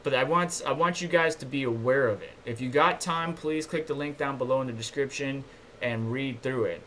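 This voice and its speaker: A man's voice: mid-range voice, normal speed, fairly bright tone, a little hiss or hum. A man hosting a casual crypto news livestream, reading articles aloud and chatting loosely with viewers between them. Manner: chatty and loose, asides to viewers, reads articles then comments.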